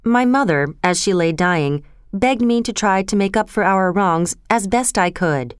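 A woman voicing an earnest, troubled young nobleman in a storybook reading, with a smooth, clear voice. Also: medium pitch, unhurried, dry recording, clean studio sound, close to an everyday voice. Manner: earnest, pleading.

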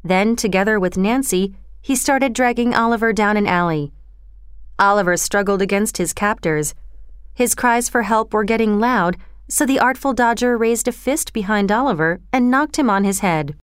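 A woman reading a storybook chapter aloud in a calm, even storytelling manner. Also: medium pitch, normal speed, clean tone, dry recording, clean studio sound. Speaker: narrator.

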